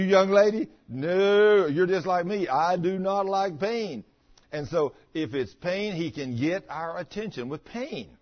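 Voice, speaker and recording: Folksy older preacher, lo-fi sound. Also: male voice, a little high, slightly rough. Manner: folksy, animated storytelling with laughs. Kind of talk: sermon with personal story. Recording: dull lo-fi sound.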